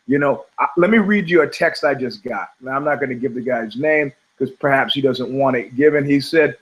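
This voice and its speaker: A man's voice: medium pitch, moderate pace, hardly any pauses. A man in his forties hosting a talk show, rambling and swearing, often repeating words as he restarts his thoughts. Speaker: podcast host.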